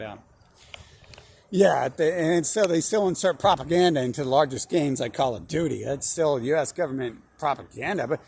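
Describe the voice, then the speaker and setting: A man's voice: fairly high pitch, darkish tone, a little hiss or hum. A young man talking in a long, rambling monologue, full of fillers, restarts and swearing. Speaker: channel host.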